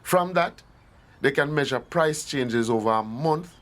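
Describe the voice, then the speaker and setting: A man's voice: fairly high pitch, lively intonation, a little slow. A Jamaican man co-hosting an economics explainer, walking through terms in a friendly way. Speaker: co-host. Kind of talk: scripted explainer dialogue.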